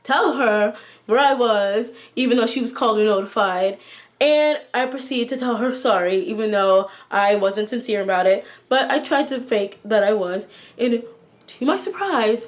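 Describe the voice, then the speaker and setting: A young woman vlogger recounts a school drama to her viewers in a casual, chatty storytime. Her voice sits slightly high, and she acts out what everyone said with lively asides. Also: moderate pace. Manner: chatty, animated retelling with acted-out quotes. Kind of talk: storytime vlog.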